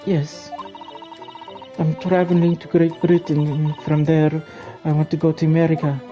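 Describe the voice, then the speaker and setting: A man voicing a timid young female runaway ballerina, speaking softly and earnestly while reading game dialogue aloud. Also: fairly high pitch, flat delivery, normal speed, muffled recording, soft background music, voice pushed up, natural voice. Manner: soft, earnest, apologetic pleading.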